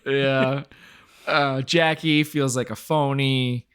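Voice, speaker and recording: A man's voice: mid-range voice, steady tone, takes it slowly, fairly bright tone, clear, resonant tone. A man co-hosting a podcast, chatting casually about a movie, agreeing and laughing along. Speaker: podcast co-host.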